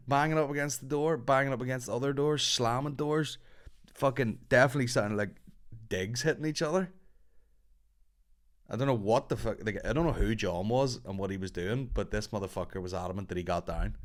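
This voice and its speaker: A man's voice: medium pitch, lively intonation, brisk. A man, telling a rambling, profane, self-mocking story as a podcast host. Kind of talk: casual comedic storytelling.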